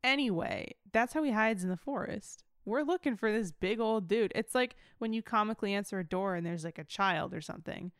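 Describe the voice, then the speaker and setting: A woman's voice: mid-range voice, fairly quick, hardly any pauses, no room sound, clean studio sound. A woman riffing playfully in a casual comedic chat over a video call. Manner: playful, riffing, puts on silly voices.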